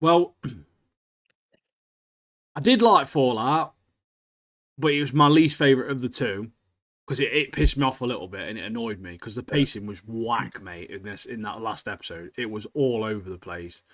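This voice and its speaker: A man's voice: medium pitch, moderate pace, long pauses, a bit bright. A young man co-hosting a podcast, chatting casually with slang and enthusiasm. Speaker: podcast co-host. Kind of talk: casual chat.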